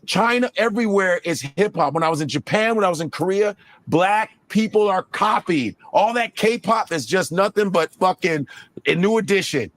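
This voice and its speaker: A man telling comic stories in casual chat, profane and animated, slipping into mocking impressions. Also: sits high, moderate pace, no echo, clean studio sound. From United States. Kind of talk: comedic storytelling chat.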